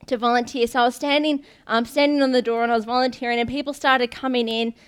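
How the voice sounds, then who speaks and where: Chatty young woman preaching, slightly high. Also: fairly even intonation, fast talker, smooth. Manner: chatty, laughs often, many ums and restarts. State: briefly tearful. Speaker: guest preacher, pastor's daughter. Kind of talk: informal sermon storytelling.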